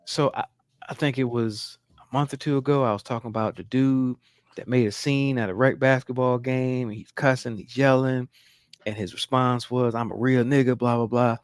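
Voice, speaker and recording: A man in his thirties, a podcast co-host, telling a story in casual chat, animated, swearing freely and laughing through it. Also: medium pitch, normal speed, smooth, dry recording.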